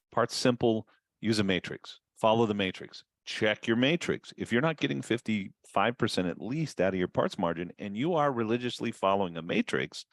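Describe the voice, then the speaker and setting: A man's voice: fairly low pitch, no echo. A man giving a conversational webinar talk on running an auto repair business, with fillers and restarts.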